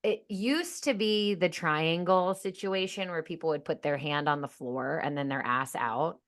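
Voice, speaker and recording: A woman who teaches yoga, co-hosting a podcast in relaxed, conversational chat. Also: low-pitched, measured pace. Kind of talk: casual chat.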